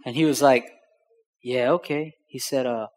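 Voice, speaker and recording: A man's voice: mid-range voice, normal speed. A man, preaching as a pastor and acting out the voices in a personal story. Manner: animated storyteller, acts out dialogue. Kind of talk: sermon storytelling. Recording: long hall reverb.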